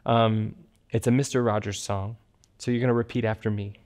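A man's voice: fairly low pitch, little pitch movement, fairly quick, darkish tone. A man hosting a cabaret livestream, joking campily and turning earnest. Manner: campy, joking, then earnest. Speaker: cabaret host.

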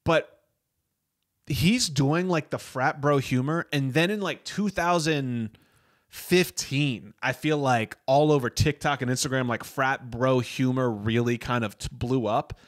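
A man's voice: medium pitch, unhurried, no room sound, clean studio sound. A man in casual podcast chat about comedy films, animatedly retelling movie scenes, laughing and acting out the lines.

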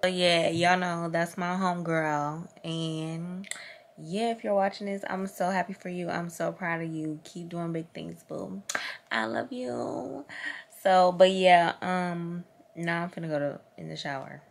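Candid, profane woman vlogger talking slowly. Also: lowish voice, vocal fry, slight background noise. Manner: candid and profane, drawling and loose. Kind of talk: casual vlog chat.

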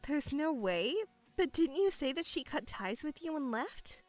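A woman voices a calm, cold young stepdaughter in a dramatized story, speaking in a measured, coolly firm way. Her voice is high, with faint music behind it.

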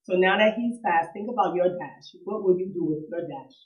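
A woman, a cousin of the deceased, giving a nervous, conversational funeral eulogy and laughing softly between memories. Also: on the low side, moderate pace, highs cut off. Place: funeral service hall. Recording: roomy hall echo.

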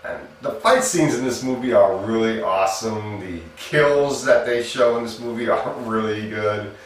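A man's voice: on the low side, normal speed, a little hiss or hum. A man giving a casual spoken movie review, chatty and laughing at his own jokes, with frequent restarts. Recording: echoey room, mic at a distance.

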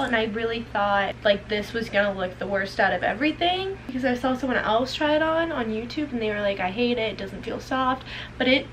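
A nineteen-year-old woman vlogger chatting through a clothing try-on haul, expressive and full of "like". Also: sits high, slight background noise, low-quality recording. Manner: chatty and expressive, heavy use of "like". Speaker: beauty and fashion vlogger. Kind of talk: casual try-on haul chat.

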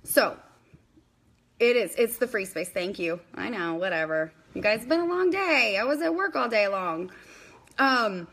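A woman's voice: medium pitch, lively intonation, measured pace, a bit bright. A young woman hosting a casual live-stream bingo game, chatty and scattered, talking to viewers by name.

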